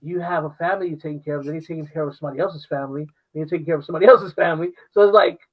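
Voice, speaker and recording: A man co-hosting a casual podcast chat, halting and stumbling, repeating words as he works out his point. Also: a little high, dull audio. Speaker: podcast co-host.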